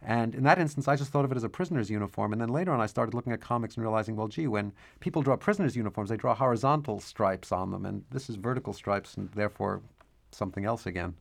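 A man talking as a guest author in an interview, reflective and measured, at times reading passages from his own book aloud. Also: on the low side, gravelly.

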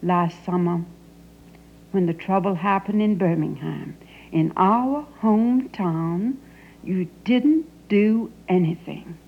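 A woman's voice: lowish voice, slow, creaky, husky, exaggerated voice. A woman playing a grown Southern daughter confronting her father, in an impassioned dramatic monologue that often sinks to a whisper. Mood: grieving. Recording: slightly muffled 1970 broadcast with faint hum.

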